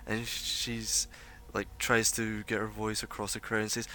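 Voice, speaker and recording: A man's voice: lowish voice, completely flat delivery, moderate pace, bright, forceful tone, slight background noise. A man narrating as game master of a tabletop game, rambling with many fillers.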